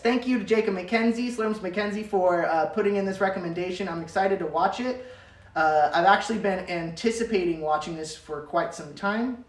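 An upbeat, chatty livestream host, rambling through fillers. The voice sits in a mid pitch and rings around an echoey room, picked up by a mic set well back. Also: normal speed. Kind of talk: casual livestream chat. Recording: roomy sound from a distant mic.

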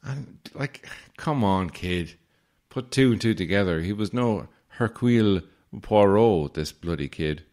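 A man's voice: fairly low pitch, lively intonation, measured pace, few pauses, a little mellow. A man in his late twenties or thirties hosting a podcast, telling casual stories with a wry, sarcastic streak. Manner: wry, sarcastic anecdotes with mock-formal asides. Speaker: podcast host. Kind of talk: casual storytelling monologue.

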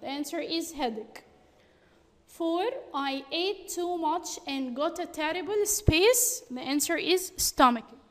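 Slow-reading woman teacher, echoey room. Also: high-pitched. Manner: slow, deliberate reading of answers. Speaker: English teacher. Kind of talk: reading workbook exercises aloud.

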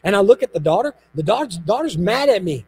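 A man, a pastor, preaching a sermon in a church, telling stories with lively emphasis and repeated phrases. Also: sits high, fast, a little hiss or hum. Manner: animated storytelling with emphatic repetition.

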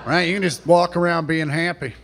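A man doing a live stand-up set in a comedy club, mocking and profane, shouting his punchlines. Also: fairly high pitch, steady tone, brisk, gravelly. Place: comedy club stage before a laughing audience. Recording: live club recording, audience noise.

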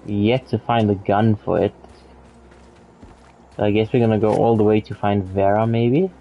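Gamer guy doing let's play commentary, gravelly dark voice, kinda muffled lo-fi mic. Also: on the low side, steady tone, normal speed. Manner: casual, reacts aloud, swears, reads in-game text. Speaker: gaming streamer.

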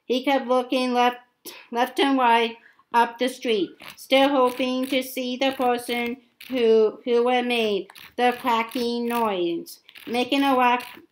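A woman's voice: on the high side, a little hiss or hum, low-quality recording. A woman reading a novel aloud, often stumbling and repeating words. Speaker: reader.

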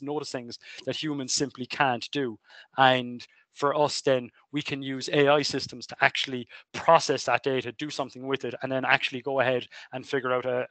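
A man's voice: mid-range voice, bright, forceful tone, no echo. A man with an Irish accent giving a recorded engineering lecture over a webcam, chatty and full of fillers and self-corrections. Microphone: webcam mic.

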